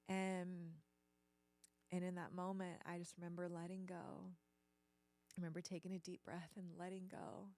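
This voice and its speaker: A woman hosting a business channel, telling a personal story in an earnest, halting way with lots of fillers. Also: lowish voice, little pitch movement, darkish tone.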